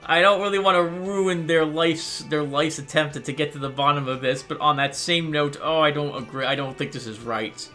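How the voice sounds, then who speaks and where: A man's voice: on the high side, fairly even intonation, normal speed, few pauses, bright, forceful tone, faint music behind. A man narrating and commenting on a story game he plays, thinking aloud casually. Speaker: let's play host. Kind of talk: let's play commentary and narration.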